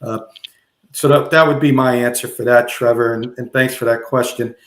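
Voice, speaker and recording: A man co-hosting a sports talk show in a casual, rambling way. His voice sits at an ordinary middle pitch, and he stumbles and apologizes, sounding nervous. The room around him is echoey. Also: fairly even intonation, moderate pace, fairly bright tone. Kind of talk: casual chat, off-key singing of a song parody.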